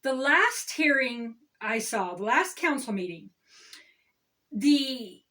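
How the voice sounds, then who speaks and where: A woman's voice: a little high, big pitch swings, slow, bright, forceful tone, far from the mic. A woman introducing her own comedy series in a rambling, mock-commanding way.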